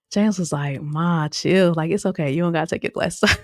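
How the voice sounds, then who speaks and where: Low-voiced woman recapping a dating show. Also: normal speed, no echo, studio quality. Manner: chatty, animated, laughs often, quotes others in voices. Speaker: show reviewer. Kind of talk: casual recap commentary.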